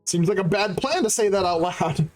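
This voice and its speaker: A man's voice: high voice, expressive, moderate pace, soft background music. Joking male game streamer. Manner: joking, laughs often, reads game text aloud. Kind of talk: live game stream commentary.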